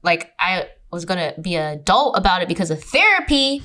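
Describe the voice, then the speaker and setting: Profane, animated woman telling a story. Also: on the low side, a little fast. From California. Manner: animated, profane, mocking impressions. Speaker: podcast guest. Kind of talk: casual storytelling. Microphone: remote recording.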